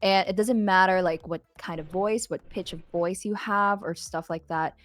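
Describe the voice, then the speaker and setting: A woman audio creator talking in a relaxed, easygoing way as a podcast guest, giving gentle advice. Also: on the low side, moderate pace, no echo. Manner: thoughtful, gives gentle advice. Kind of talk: casual podcast chat.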